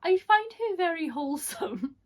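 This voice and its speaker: A woman's voice: very high-pitched, big pitch swings, moderate pace. A young woman chatting casually through a book box unboxing. She rambles, apologises often and jokes at her own expense. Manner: chatty, apologetic, self-deprecating. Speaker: book vlogger.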